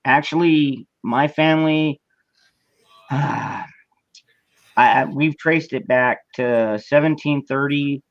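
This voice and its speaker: A man's voice: mid-range voice, takes it slowly, pauses often, dry recording. A man in a casual chat, talking hesitantly and often repeating words. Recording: dull lo-fi sound.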